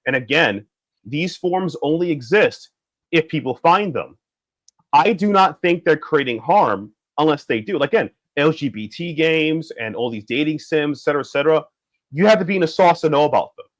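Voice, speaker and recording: A man co-hosts a casual podcast chat, his voice sitting a little high and swinging widely in pitch. He jokes around and breaks into loud bits now and then. The sound is dry with no room echo. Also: moderate pace. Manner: animated, jokey, slips into loud bits. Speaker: podcast co-host.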